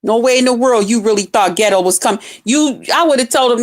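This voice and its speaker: A woman's voice: on the high side, fast. A woman streamer delivering a scornful, confrontational rant full of constant cursing. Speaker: online streamer. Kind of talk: profane ranting commentary.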